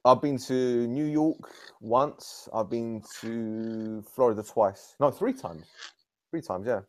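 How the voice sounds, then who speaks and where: A man, co-hosting a casual chat show, telling lively anecdotes with slang and frequent laughter. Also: mid-range voice, slow, dry recording. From England. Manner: animated storytelling, laughs often, London slang. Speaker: co-host.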